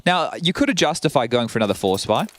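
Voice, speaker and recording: A man casting a live esports match, giving energetic play-by-play with jokes. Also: medium pitch, quick pace, a little hiss or hum. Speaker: esports caster.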